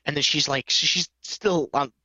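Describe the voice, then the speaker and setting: A man's voice: on the high side, normal speed, sharp tone, no echo, highs cut off. A man co-hosting a podcast, rambling through a story in casual chat, acting out quotes and laughing often. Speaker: podcast co-host.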